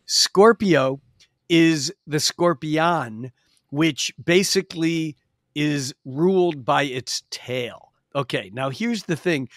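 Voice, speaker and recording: A man with a slightly high voice speaks slowly as an astrologer guest on a podcast, explaining things at length in an expansive, storytelling manner and often restarting his sentences. It's a casual podcast chat, recorded dry on a podcast microphone with studio quality.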